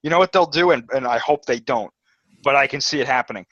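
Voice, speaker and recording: A man's voice: medium pitch, quick pace, a bit bright, no echo. A man co-hosting a casual fan podcast, playfully acting out imagined scenes, on a dull lo-fi recording. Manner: playful, acts out imagined dialogue. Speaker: podcast co-host. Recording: dull, dry lo-fi podcast mic.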